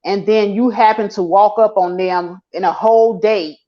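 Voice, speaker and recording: A woman's voice: mid-range voice, fairly even intonation, moderate pace, lo-fi sound. A woman co-hosting a podcast, thoughtfully walking through the situation with empathy. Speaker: podcast co-host. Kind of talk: casual commentary.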